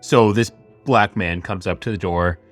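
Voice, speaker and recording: Male podcast host, very low voice, casual chatty true-crime retelling, faint music underneath. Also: unhurried. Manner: chatty retelling full of "like" and asides. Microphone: camera-facing setup.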